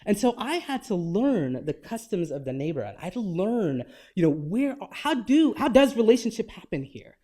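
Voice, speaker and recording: A man in his forties giving a lecture, telling personal anecdotes in a relaxed, conversational way with gentle humor. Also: high voice, normal speed, few pauses. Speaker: guest lecturer.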